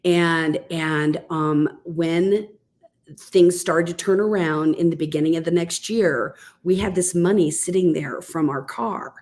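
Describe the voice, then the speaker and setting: A middle-aged woman, a guest on a podcast, telling a story in a chatty, animated way with lots of fillers. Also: lowish voice, unhurried. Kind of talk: casual storytelling.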